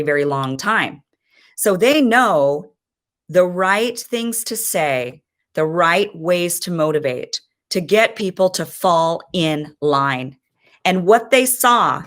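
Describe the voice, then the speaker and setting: Fired-up woman commentator, lower voice. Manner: impassioned, frustrated and emphatic. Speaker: political commentator host. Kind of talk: casual political commentary.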